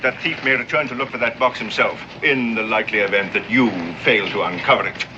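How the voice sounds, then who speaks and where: An actor playing a haughty, sarcastic British commodore who speaks in a clipped, dry way, in a 1960s television drama. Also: male voice, medium pitch, fairly quick, close to an everyday voice. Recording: dull old TV soundtrack with background noise.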